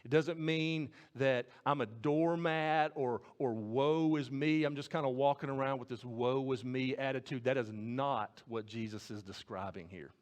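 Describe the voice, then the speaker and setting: A man's voice: mid-range voice, unhurried, hardly any pauses. A man preaching a sermon as pastor, earnest, often repeating and restarting words and putting questions to the congregation.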